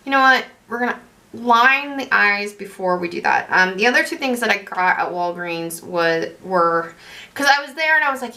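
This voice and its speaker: A woman's voice: medium pitch, lively intonation, moderate pace, bright, forceful tone. A young woman chatting casually through a makeup tutorial, rambling and correcting herself as she goes. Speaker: beauty vlogger.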